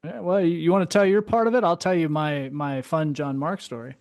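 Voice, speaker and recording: A man telling a war story in casual chat, animated, laughing often and cursing freely. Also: a little high, brisk, no room sound. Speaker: podcast host, Marine veteran.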